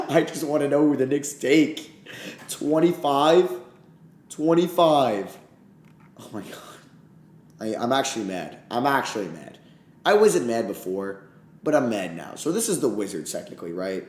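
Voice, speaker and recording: Guy doing a live reaction stream, super animated voice all over the place, kinda echoey room. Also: medium pitch, moderate pace. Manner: excitable, emotional, swears when upset.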